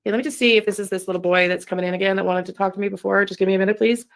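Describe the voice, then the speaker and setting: Flat-voiced woman reading tarot live. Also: medium pitch, gravelly, rough recording. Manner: hesitant, halting, self-interrupting. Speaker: tarot reader and channel host. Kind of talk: live-stream tarot reading, casual chat.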